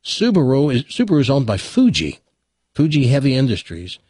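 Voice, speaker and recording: Chatty man with a husky voice. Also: mid-range voice, wildly swooping pitch, brisk, darkish tone, no room sound, clean studio sound. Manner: chatty, lists facts, wry asides. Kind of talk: casual chat and joke telling.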